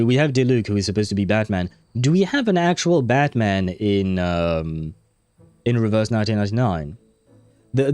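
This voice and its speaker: A man's voice: deep voice, a little mellow, dry recording. A French-speaking man chatting casually as he streams a game, rambling with lots of fillers. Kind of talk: casual gameplay commentary.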